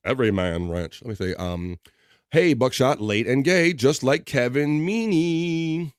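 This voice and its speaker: Here the man's medium-pitched voice is clear and resonant, moving at a measured pace in studio-quality sound with no room noise. Hosting a casual stream, he reads comments from chat aloud, cracks jokes and laughs a lot.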